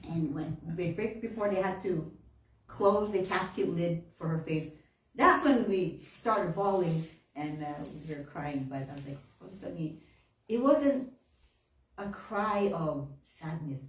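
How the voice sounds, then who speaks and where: A woman minister giving a heartfelt personal testimony to her congregation, laughing often and jumping up in pitch when she gets excited. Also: unhurried. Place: church hall. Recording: roomy room, voice from far off.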